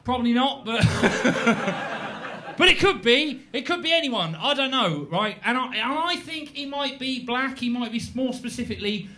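A young man in his twenties performing live stand-up comedy in a small venue, animated and playful with dry asides. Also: very high voice, moderate pace, slight background noise. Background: audience laughter.

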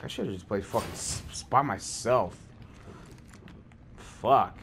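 A man's voice: fairly low pitch, slow pace, vocal fry, long pauses, fairly bright tone, slight background noise. A young man ranting furiously while gaming, swearing and snapping at teammates, sweaty and worked up. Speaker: gamer streaming gameplay. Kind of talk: angry gaming rant.

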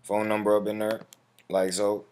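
Man, very low voice, relaxed street-slang delivery, walks viewers through a form over keyboard clicks. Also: moderate pace. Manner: slangy, addresses viewer as bro; profane when flustered. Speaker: tutorial host. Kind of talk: casual screen-recorded walkthrough. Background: keyboard typing and mouse clicks.

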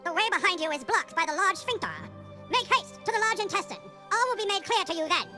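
A man's voice: very high-pitched, animated, quick pace. A man voicing a magical talking frog guide in a video game who gives grave, urgent warnings. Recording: game audio under gameplay music.

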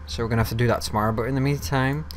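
A man's voice: mid-range voice, racing, a little hiss or hum. A young man giving casual commentary while playing a game, chatting to viewers and the creatures on screen and swearing freely. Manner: gets loud and excited when ambushed. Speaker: gaming video host. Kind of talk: casual let's-play commentary.

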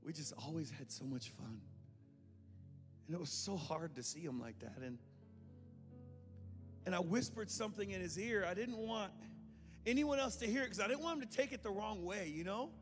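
A man preaching a sermon, telling a story and acting out the voices in it, swinging from hushed tones to shouts. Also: high-pitched, normal speed, pauses often. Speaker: pastor. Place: church sanctuary. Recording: long hall reverb with faint music.

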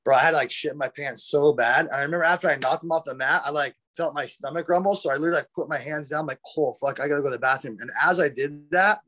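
A man's voice: on the high side, quick pace, few pauses, bright, forceful tone. Profane, rambling man telling fight stories. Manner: profane, rambling, uses "bro" and "dude". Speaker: guest, retired fighter. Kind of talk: casual storytelling. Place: podcast conversation.

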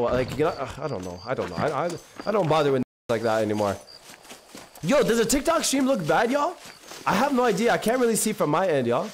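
A hoarse young man streaming a game live, chatting excitably and slangily with his viewers. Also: high-pitched. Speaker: gaming streamer. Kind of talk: live gameplay commentary. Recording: noisy stream audio with clicks.

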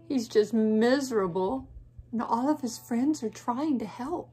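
A teacher reading a picture book aloud to children in a gentle, soothing way, often dropping to whispery asides. Her voice is breathy and slightly high, and she takes an unhurried pace.

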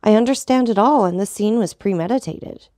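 Woman voicing an earnest worried young gentleman. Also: medium pitch, a little fast, dry recording, clean studio sound, pitched above the performer's own voice, lightly acted. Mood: concerned.

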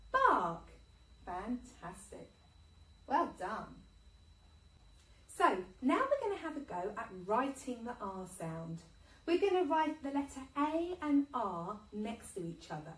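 A woman teaching a phonics lesson to young children, sounding out words slowly and praising them. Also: on the high side, roomy sound, recorded from a distance, poor audio. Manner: sing-song, slow and encouraging, sounding out words. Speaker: infant school teacher.

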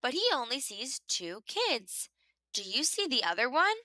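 A woman reading a children's picture book aloud in an expressive storytelling manner, making the animal sounds herself. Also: high voice, measured pace, no room sound.

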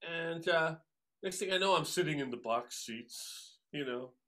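A man, a drummer telling stories as a guest, animated and acting out the voices of people he quotes. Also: fairly high pitch, unhurried. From Long Island, New York. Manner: animated, acts out quoted voices, many fillers. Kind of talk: casual storytelling interview.

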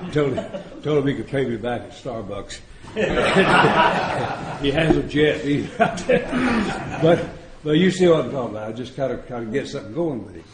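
A man's voice: mid-range voice, animated, a little fast, heavy background noise. A man speaking at a recovery retreat, telling stories in a folksy, joking way and chuckling often. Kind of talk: storytelling recovery talk. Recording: echoey room.

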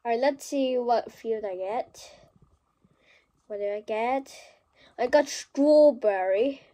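A woman's voice: mid-range voice, mellow. A woman giving rambling, self-mocking commentary while playing a game at a small desk at home. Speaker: gameplay vlogger. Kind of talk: casual gameplay commentary.

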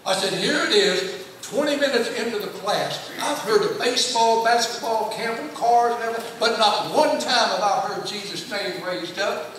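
A man's voice: high-pitched, normal speed, fairly bright tone, a little hiss or hum. An older man preaching a sermon, telling a long personal story in a folksy, emphatic way. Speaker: guest preacher. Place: church sanctuary. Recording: echoey church hall from far off.

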